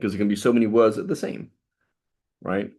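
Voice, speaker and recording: Delivering a classroom lecture, a man speaks a little fast in a fairly low, dark voice with fairly even intonation. He's casual and conversational, frequently asking students questions and tossing out "right?" all the time to check in.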